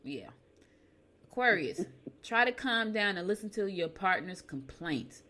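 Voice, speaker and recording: An older woman hosting a show from a home studio, chatting casually and reading horoscopes with lively storytelling asides. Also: mid-range voice, measured pace. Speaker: radio show host.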